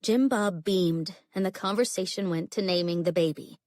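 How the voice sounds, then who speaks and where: A woman's voice: lowish voice, normal speed, a little mellow, no echo, clean studio sound. A woman narrating a contemporary romance audiobook, reading steadily and drawling the characters' lines. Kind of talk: scripted narration.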